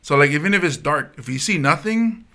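A man from Hawaii telling a story in an easygoing podcast chat, with a light Pidgin-tinged lilt. His voice has a gravelly, fry-edged texture and a bright, forceful tone, pitched a little high for a man. He acts out the people in his stories as he talks. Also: fairly quick. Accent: Hawaiian Pidgin-tinged English. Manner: animated storyteller acting out quoted voices. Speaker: comedian guest.

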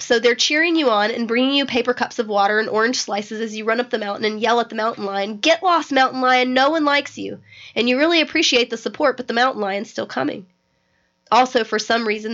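Higher-voiced woman host, lo-fi sound. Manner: warm encouraging interjections, expressive reader. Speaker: podcast host. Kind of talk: casual interview chat and reading aloud. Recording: dull lo-fi audio.

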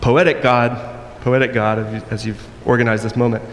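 A man preaching a sermon, acting out the quoted voices and moving between loud and soft passages. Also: mid-range voice, little pitch movement, moderate pace. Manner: acts out quoted voices, varies loudness widely. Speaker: pastor. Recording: long echo in a hall, faint noise.

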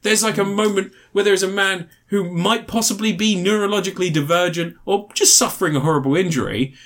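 A man's voice: high-pitched, a little fast, a bit bright. A man hosting a casual film review podcast, retelling scenes animatedly with frequent laughter. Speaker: podcast host.

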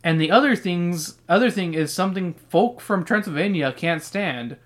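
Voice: mid-range voice, normal speed. Profane, sarcastic book-club podcast host. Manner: profane, sarcastic, swings from flat reading to loud outbursts. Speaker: podcast co-host reading a children's book aloud. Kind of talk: comedic book reading and riffing.

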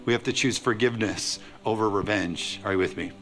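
Soft music plays behind a male pastor as he preaches to a church congregation, brisk and energetic, chatting with them and tossing in playful asides. His voice is on the low side.

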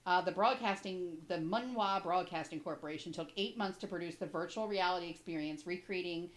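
A woman co-hosting a casual talk show, gushing and emotional, quick to tear up as she talks. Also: on the low side, poor audio. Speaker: podcast co-host. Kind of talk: casual chat.

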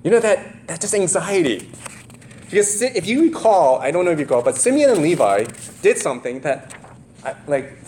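In a fairly high voice, with a little hiss or hum on the recording, a man gives an easygoing sermon. He animatedly voices the people in his story and laughs and uses fillers often.

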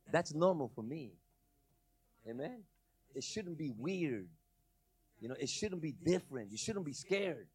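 A man preaching a lively sermon, acting out voices, breaking into shouts and laughing often. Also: fairly high pitch, slightly rough. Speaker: pastor.

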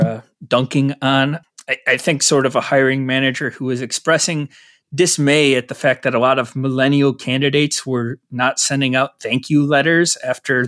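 A man speaks in a measured, even way in a casual podcast discussion. His phrases carry hedging fillers, and his voice sits at a middling pitch. The recording is dry. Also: dry recording.

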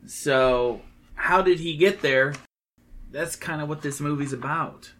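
A man's voice: fairly high pitch, takes it slowly, a bit bright, slight background noise. A man in casual chat, reviewing a film with a friend in a rambling, enthusiastic way. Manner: chatty, enthusiastic, rambling with fillers.

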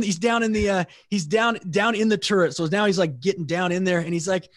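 A middle-aged man, a military veteran guest on a podcast, telling war stories casually, swearing freely and jumping high when he imitates comrades. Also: brisk, dry recording. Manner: animated storyteller, swears freely, voices comrades in a high excited pitch. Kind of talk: casual storytelling.

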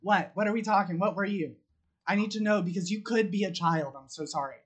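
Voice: mid-range voice, a little fast, husky. A tabletop role-playing player, giggly and chatty, narrating actions and asking rules questions. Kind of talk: casual tabletop play.

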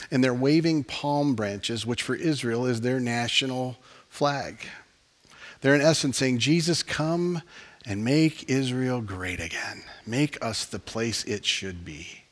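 A man, a pastor, preaching earnestly and closing in a heartfelt prayer. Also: medium pitch. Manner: earnest, impassioned preaching with soft laughs.

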